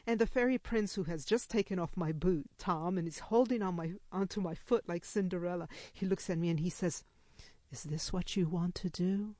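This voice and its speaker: A woman storyteller telling a personal story to a live audience, animated and laughing as she acts out the quoted speech. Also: lowish voice, fairly quick, hardly any pauses, no echo.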